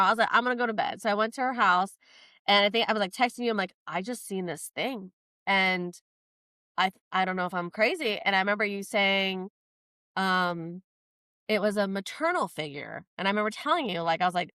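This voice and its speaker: A woman co-hosting a podcast, telling a personal story in casual chat, animated and full of "like" fillers. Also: medium pitch, brisk, no echo. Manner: animated, quotes herself in lively voices; frequent fillers "like". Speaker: podcast co-host.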